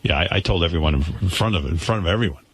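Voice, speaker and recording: A man's voice: low-pitched, racing, a bit bright, breathy edge. A middle-aged man hosting a radio talk show, joking about himself and laughing often. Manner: self-mocking, playful, breaks into laughter.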